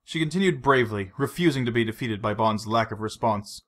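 A man narrating a novel aloud in a measured, steady read. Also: medium pitch. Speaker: audiobook narrator. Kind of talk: scripted narration.

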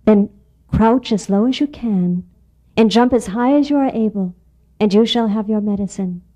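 A wise old frog, slow and measured, giving solemn counsel, as a woman storyteller voices him. Her tone is mellow and warm throughout. This is a live storytelling performance. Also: medium pitch, natural voice. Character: wise old male frog, calm teacher.

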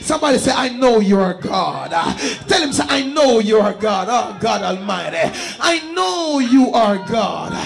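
A man preaching a fervent live sermon in a church service, shouting and chanting calls to the congregation. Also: high voice, sing-song, measured pace, vocal fry, over music.

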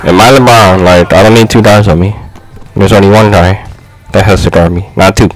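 A young man giving casual gameplay commentary, frustrated and slangy, yelling at his teammates. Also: low-pitched, steady tone, brisk, rough recording. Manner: frustrated, exclaiming, slangy trash talk. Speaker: gaming YouTuber.

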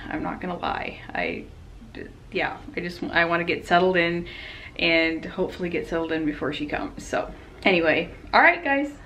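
A woman in her thirties chatting casually to the camera in a family vlog, easygoing with soft laughs. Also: fairly low pitch, slight background noise, poor audio. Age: 30s. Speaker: family vlogger.

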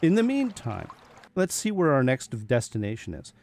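A man talks through his game in a loose, chatty way, greeting animals as he passes them. His pitch swings around freely from low mutters to high, excited jumps. The talk sounds relaxed and unscripted. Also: normal speed, a little hiss or hum. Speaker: gaming video host. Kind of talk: casual gameplay commentary.

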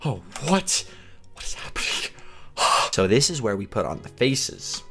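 A man's voice: medium pitch, big pitch swings, measured pace, a bit bright, faint music behind. A young man hosting a casual game commentary, playful and chatty, laughing often. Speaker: gaming video host.

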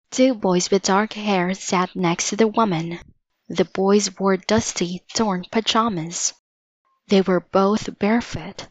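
A woman narrating a children's storybook aloud in a slow, even reading manner. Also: medium pitch, no echo. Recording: dull lo-fi dry recording.

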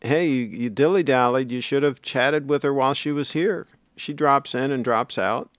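A middle-aged man chats casually on a livestream, reading viewer comments and answering them as they come. His talk rambles and doubles back on itself, at a mid-range pitch, with a dry, close sound and no room echo. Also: moderate pace. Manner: rambling, chatty, self-correcting.

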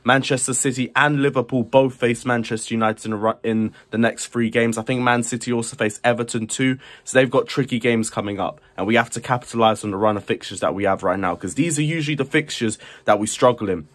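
A man's voice: mid-range voice, fast talker, few pauses. A young man hosting a football fan vlog, chatting upbeat predictions straight to camera. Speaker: fan channel vlogger.

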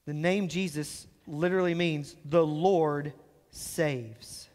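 A man preaching a sermon as pastor, explaining scripture and slowing down to stress key phrases. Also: fairly high pitch, steady tone, a little mellow, big-room sound. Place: church sanctuary.

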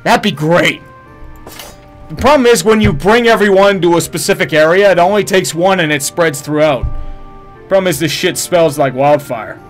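Male streamer, a touch high-pitched; casual and profane, hams up taunts at enemies. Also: moderate pace, faint music behind. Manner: profane, jokey, chats with viewers; mock-heroic taunts at game enemies. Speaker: game streamer. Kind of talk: casual live-stream commentary.

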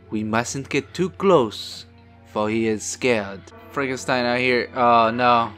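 Bright-voiced joking man riffing on a movie. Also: mid-range voice, slow, soft background music. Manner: joking, sarcastic, swears freely. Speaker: host. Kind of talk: casual movie watch-along commentary.

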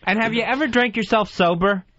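A man's voice: high voice, fairly quick, sharp tone. A man with a slightly raised voice drops offhand comments into a talk radio conversation. The broadcast sounds dull, with faint background noise. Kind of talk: casual radio banter.

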